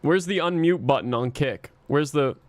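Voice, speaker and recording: A man's voice: fairly high pitch, moderate pace, a little mellow, no room sound. A man streaming and chatting casually with his viewers, rambling and self-mocking, swearing often.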